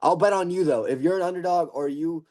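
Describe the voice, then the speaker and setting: A man's voice: fairly high pitch, brisk, mellow. An eighteen-year-old man hosting a podcast, chatting eagerly like a fan. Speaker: podcast host. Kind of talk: casual interview chat.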